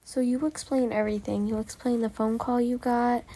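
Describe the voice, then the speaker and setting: A woman's voice: a little high, steady tone, moderate pace, dark tone. A young woman, a voice actor, narrating her listener role-play casually with lots of fillers. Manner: rambling, filler-heavy storytelling.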